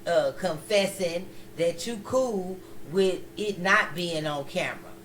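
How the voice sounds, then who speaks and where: A man's voice: high voice, slow, fairly bright tone. A man co-hosting a live stream, chatting casually and rambling, often trailing off mid-sentence. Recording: noisy, distant mic.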